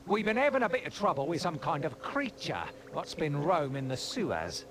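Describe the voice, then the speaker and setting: A gruff British sewer thief. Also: male voice, on the high side, huge pitch swings, moderate pace, a bit bright, slight background noise. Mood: gruff warning. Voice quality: rough folksy dialect, calls people lad. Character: gruff middle-aged male sewer thief guard. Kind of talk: game voice acting.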